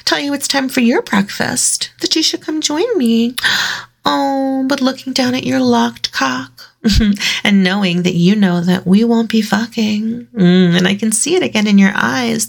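Woman, intimate role-play, teasing dominant partner; slow, husky delivery with half-whispered lines. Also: medium pitch. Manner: teasing and dominant, soft giggles between phrases. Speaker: audio role-play performer.

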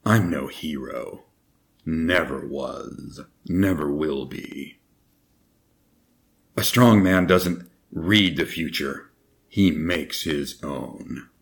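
A man doing an impression of a gruff, weary middle-aged soldier in his own deep, gravelly morning voice, with a slow, brooding delivery. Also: heavily acted. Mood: grim. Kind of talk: character impression.

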